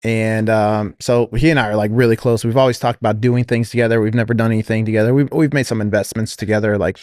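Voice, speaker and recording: A man's voice: fairly low pitch, quick pace, no echo, clean studio sound. A man casually telling a business story on a podcast, rambling with fillers and restarts and quoting others. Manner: quotes others in lively voices.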